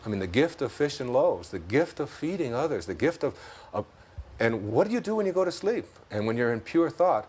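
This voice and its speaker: A man with a Detroit accent, a guest in an interview, speaking in an unhurried, musing way and chuckling at his own jokes. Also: mid-range voice, big pitch swings, a little mellow, breathy edge. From Detroit, United States. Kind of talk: reflective interview talk.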